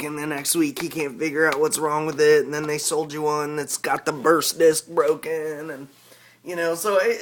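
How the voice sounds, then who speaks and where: A man's voice: on the high side, fairly bright tone. A man with a rural Southern US accent, talking casually and rambling in a folksy way as a hobby vlogger. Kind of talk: casual vlog talk.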